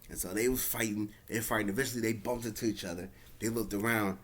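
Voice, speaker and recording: A man's voice: on the low side, fairly even intonation, fast, slightly rough. A man casually recapping and reviewing a wrestling show, rambling with many fillers. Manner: rambling, lots of fillers, acts out quotes.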